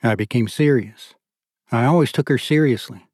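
Male narrator, mid-pitched, measured audiobook reading with a dry, close sound. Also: breathy edge, no echo. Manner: measured, steady storytelling.

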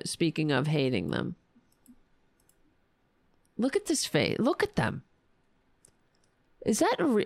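A woman hosting a livestream, delivering an angry, sarcastic political rant full of profanity, her voice going hoarse. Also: mid-range voice, no room sound, studio quality. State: losing her voice. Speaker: livestream host.

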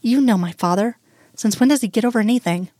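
A woman's voice: a little high, fast, warm tone, dry recording, close to an everyday voice. A woman reading the lines of an upset young woman in her late twenties, keeping close to her own voice. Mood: defensive. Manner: read in the narrator's own voice.

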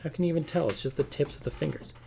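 A man reading the lines of a calm, soothing husband who brushes off his wife's fears. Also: a little high, racing, vocal fry, slight background noise, pitched above the performer's own voice. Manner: soothing, matter-of-fact. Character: reassuring husband, calm, a bit dismissive.

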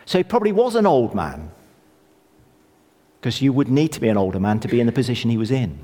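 A middle-aged man preaching a sermon in a conversational, lively way with touches of self-deprecating humour. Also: mid-range voice, quick pace. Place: church hall. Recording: long church reverb.

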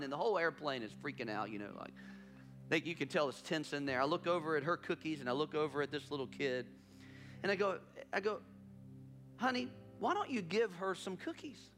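Man, pastor preaching, bright forceful voice, slightly high, emphatic repetition, faint music behind. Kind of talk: sermon.

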